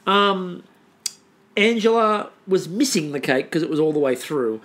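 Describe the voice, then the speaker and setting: A man's voice: sits high, animated, measured pace, fairly bright tone. A man co-hosting a podcast, recapping a baking show in casual chat full of ums. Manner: rambling recap with frequent ums. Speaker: podcast co-host.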